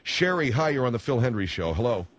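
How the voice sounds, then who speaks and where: A man's voice: medium pitch, sing-song, fast, a little hiss or hum. A man hosting a call-in radio show, sarcastic and pressing his guest. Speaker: radio host.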